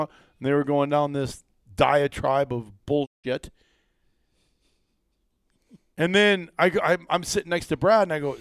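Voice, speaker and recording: Man, casual storyteller, smooth clear voice, slightly high, animated, dry close sound. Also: normal speed, dry recording. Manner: animated storyteller, voices rising sharply in disbelief.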